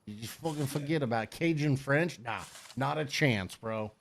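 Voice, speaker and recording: A man's voice: mid-range voice, normal speed, gravelly, slight background noise. A middle-aged man hosting a game stream, chatting casually with blunt, profane rambling. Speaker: streamer host.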